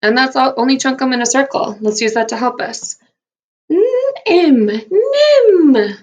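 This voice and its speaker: A woman who teaches first grade records a phonics lesson, sounding out letters and syllables slowly and clearly in an upbeat, encouraging way. Her voice is a little high with a steady tone, and the audio is dull.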